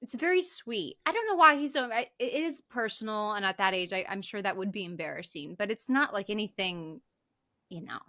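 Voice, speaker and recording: A woman co-hosting a podcast, recapping a movie in animated casual chat, swearing freely and using lots of "like". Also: medium pitch, fairly quick, hardly any pauses, no echo, clean studio sound. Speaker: podcast co-host.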